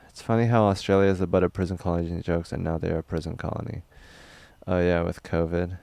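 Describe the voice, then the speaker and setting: A young man livestreaming, reading chat questions aloud in a loose, rambling, crude and deadpan way. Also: low-pitched, fast, creaky, no echo.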